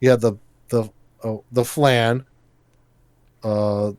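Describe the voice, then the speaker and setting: A man's voice: mid-range voice, little pitch movement, very slow, darkish tone, clean tone. A man co-hosts a podcast in easy, casual chat. His talk rambles and restarts, with a mid-range voice. The sound is dry and close, with no room echo. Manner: rambling, restarts often, laughs easily. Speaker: podcast co-host. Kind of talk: casual chat about tabletop games.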